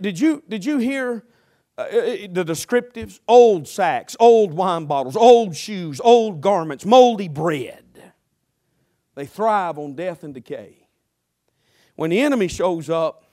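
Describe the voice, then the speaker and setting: A man's voice: high-pitched, darkish tone. A man preaching a sermon as pastor, emphatic, repetitive and humorous.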